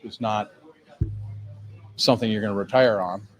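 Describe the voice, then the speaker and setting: A middle-aged man who owns a cigar lounge, telling his story in an animated, casual way on a podcast and acting out the dialogue he quotes. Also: lowish voice, moderate pace, poor audio. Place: cigar lounge with people around.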